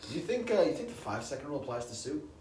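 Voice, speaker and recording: Young male podcast host, animated and jokey, recorded off-mic in an echoey room with noise behind. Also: mid-range voice, very fast, distant mic, crowd noise. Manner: jokey, laughs often, puts on a mock British voice. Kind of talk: casual chat.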